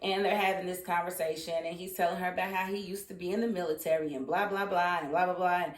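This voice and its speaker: A woman's voice: lowish voice, quick pace. A woman recapping and reviewing a TV series in a casual, opinionated vlog, speaking animatedly and acting out the characters. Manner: animated, opinionated, quotes characters in funny voices. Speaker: TV show reviewer. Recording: roomy echo.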